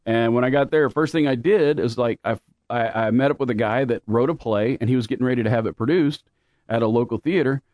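A man's voice: medium pitch, fast talker, a little mellow, no room sound. Chatty man with a very dry close mic. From born in Louisiana, raised mostly in Oklahoma. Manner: laughs often, rambling with many fillers. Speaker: guest with radio and theater background. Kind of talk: casual chat.

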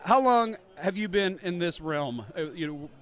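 A man interviewing guests at a convention for a podcast, jokey and energetic. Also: high voice, unhurried.

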